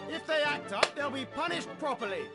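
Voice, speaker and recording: A man's voice: very high-pitched, expressive, brisk, vocal fry, full character voice. A man voicing a pompous, plummy upper-class English announcer in a radio ad for a nanny agency. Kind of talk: radio advert voice-over. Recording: radio ad with music behind.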